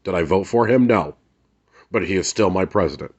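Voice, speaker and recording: A man's voice: deep voice, brisk, breathy edge, lo-fi sound. A man ranting to camera in a vlog, angry and blunt, swearing and repeating phrases for emphasis. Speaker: vlogger. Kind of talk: heated ranting commentary to camera.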